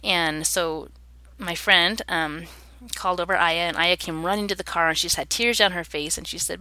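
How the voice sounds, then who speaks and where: Woman in her 30s sharing a personal story, lowish voice but bright and forceful, dry close sound. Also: brisk, dry recording. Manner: earnest and reflective. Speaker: interview guest.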